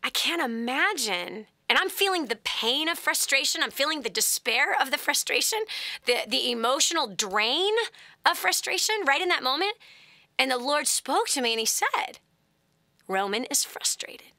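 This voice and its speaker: Bright high-voiced woman hosting advice talk. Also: moderate pace, no echo. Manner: animated storyteller, dramatic swings to hushed whispers. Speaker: host.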